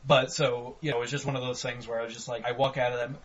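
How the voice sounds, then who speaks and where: A man's voice: medium pitch, little pitch movement, fast, slightly rough. A man co-hosting a casual podcast, joking and swearing, acting out quotes in mock voices. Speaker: podcast co-host. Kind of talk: casual chat. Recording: dull lo-fi podcast audio.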